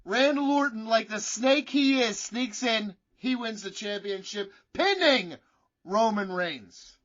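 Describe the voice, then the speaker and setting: A man's voice: sits high, animated, slow, a bit bright. A man co-hosting a wrestling podcast, telling a rambling, profane story in casual chat. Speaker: podcast co-host. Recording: dull lo-fi sound.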